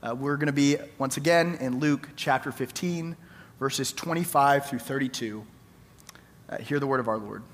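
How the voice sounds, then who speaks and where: A man's voice: mid-range voice, normal speed, long reverb tail. A male pastor preaching a sermon in a conversational storytelling way, acting out the quoted lines.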